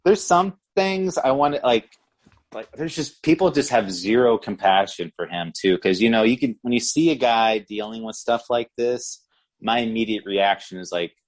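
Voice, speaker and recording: A man's voice: medium pitch, moderate pace. A man co-hosting a movie podcast, talking in an easygoing, conversational way with restarts and filler words. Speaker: podcast co-host. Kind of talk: casual movie review chat.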